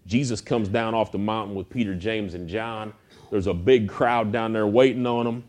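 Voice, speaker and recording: A man preaching a sermon, telling stories in a folksy, animated way. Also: medium pitch. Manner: folksy, animated storytelling with acted quotes. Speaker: pastor.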